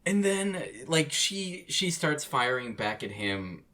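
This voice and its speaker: A man's voice: on the high side, takes it slowly, crowd noise. A man co-hosting a podcast, recapping a drama episode in casual chat, swearing and acting out lines. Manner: animated, swears, acts out quotes. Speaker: podcast co-host.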